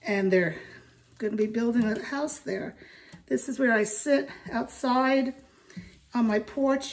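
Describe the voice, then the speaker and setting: An older woman chatting to camera in her home kitchen, rambling and lively as she cooks. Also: a little high, distant mic. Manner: chatty, rambling, talks to camera while cooking. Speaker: home cook vlogger. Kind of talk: casual cooking vlog.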